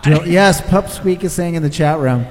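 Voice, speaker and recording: A man's voice: fairly high pitch, brisk, long reverb tail. A man co-hosting a casual group chat show, joking in a teasing, bawdy way. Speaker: podcast co-host.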